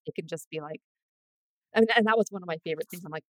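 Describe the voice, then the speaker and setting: Career coach guest: woman, lowish voice, dry close sound, chatty and animated. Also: no room sound. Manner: chatty, animated, quick asides. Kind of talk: casual interview chat.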